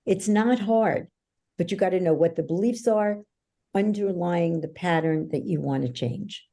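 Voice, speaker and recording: A woman guest on an interview podcast, a coach who explains her ideas through animated, emphatic stories. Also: on the low side, a little slow. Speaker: guest, belief-change coach. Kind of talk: conversational interview.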